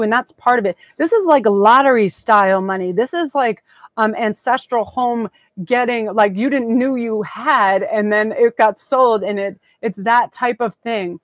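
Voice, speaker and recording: A woman's voice: medium pitch, no room sound. A woman giving a live-streamed tarot reading in an effusive, breathless, gushing way. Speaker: tarot reader.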